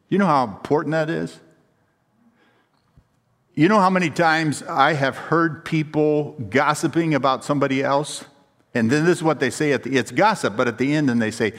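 A man with a fairly high, fairly bright voice preaches at a normal pace, the church hall stretching his words into a long reverb. As the pastor, he speaks emphatically, sharing stories and rhetorical questions with the congregation.

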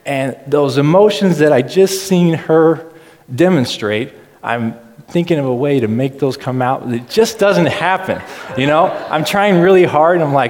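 A man giving a casual, chatty sermon in a low-key, self-deprecating way. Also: lively intonation, a little slow, darkish tone. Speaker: preacher. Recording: reverberant hall.

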